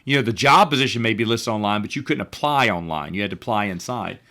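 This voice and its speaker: A man's voice: fairly low pitch, quick pace, sharp tone. Tired guy rambling thru an old work story late at night, trips over words. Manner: rambling, restarts often, says he is tired. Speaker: podcast host. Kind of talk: casual storytelling monologue.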